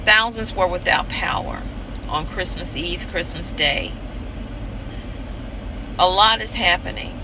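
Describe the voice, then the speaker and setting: A woman's voice: on the low side, slow, pauses often, background noise. A woman homesteading vlogger speaking straight to her viewers in an earnest, urgent way, repeating her points for emphasis. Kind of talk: earnest direct-to-camera vlog.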